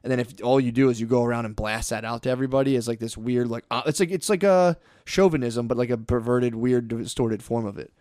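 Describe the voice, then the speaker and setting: A young man talking casually on a podcast, rambling and profane, telling animated stories. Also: mid-range voice, fast talker, few pauses, dry recording, clean studio sound. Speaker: podcast co-host.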